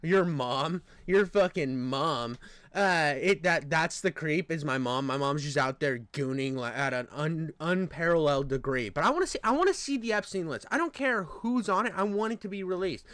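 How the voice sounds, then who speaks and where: A nasal man talks over a video in loose, rambling reaction commentary full of profanity. His voice sits high for a man. The recording is dry and close, with no room sound. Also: lively intonation, normal speed, fairly bright tone, dry recording.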